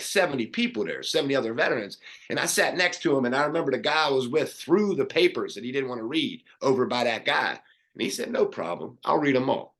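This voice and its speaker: Casting note: middle-aged male guest, mid-pitched voice, earnest and animated, often restarts his sentences. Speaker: podcast guest. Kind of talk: personal storytelling.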